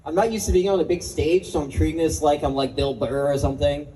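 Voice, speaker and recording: A man's voice: fairly high pitch, steady tone, fast, mellow, a little hiss or hum, rough recording. A young man doing a stand-up comedy set at an open mic, self-mocking and swearing, laughing at his own jokes.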